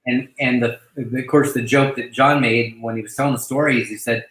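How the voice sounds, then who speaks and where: A man hosting a casual online chat who talks effusively, halting often to restart his sentences. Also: mid-range voice, steady tone, a bit bright, reverberant, slight background noise, poor audio. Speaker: host welcoming a new agent.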